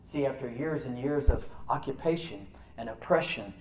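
A pastor preaching in a roomy, echoing church, picked up from some distance off the mic. He is animated, firing rhetorical questions at the congregation and dropping into soft asides. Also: medium pitch, moderate pace, slight background noise. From United States. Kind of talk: sermon.

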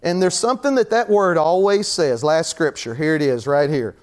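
A man with a high, light voice preaches to his congregation in a church. He talks like he's chatting with them and acts out everyday scenes, then builds into fervent, repeated calls. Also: normal speed. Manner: conversational preaching with acted-out scenes, rising to fervent repetition. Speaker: pastor. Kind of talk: sermon.

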